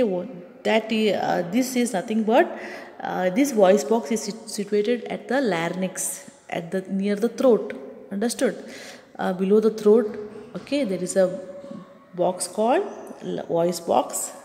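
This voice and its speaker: A woman's voice: medium pitch, mellow, in a large hall. A woman teacher giving a classroom science lesson, explaining step by step and often checking in with "okay" and "understood".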